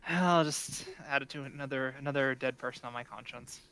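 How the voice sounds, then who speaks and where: A man's voice: mid-range voice, fairly quick, bright, forceful tone, clear, resonant tone. A man playing a tabletop game, making wry, resigned remarks in casual chat. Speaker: player.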